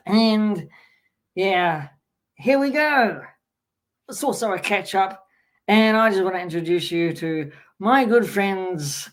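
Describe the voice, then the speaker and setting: Slow, rambling New host. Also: male voice, high-pitched. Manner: rambling, jokey, self-correcting. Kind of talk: casual online chat show.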